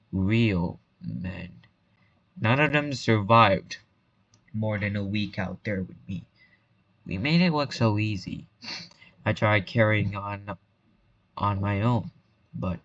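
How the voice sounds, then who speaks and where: A man voicing a bitter woman mocking her former partner in a low, cold way. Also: a bit bright, no echo, lo-fi sound.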